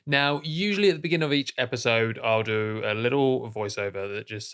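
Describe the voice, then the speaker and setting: A young man co-hosting a casual nature podcast, playful and quick to laugh. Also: medium pitch, smooth. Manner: playful, laughs often, animated. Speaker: podcast co-host.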